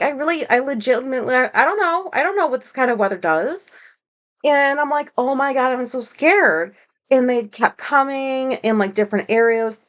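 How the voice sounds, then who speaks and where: A woman hosting a casual solo podcast, rambling and swearing freely, mocking herself, and high on marijuana. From United States. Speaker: podcast host.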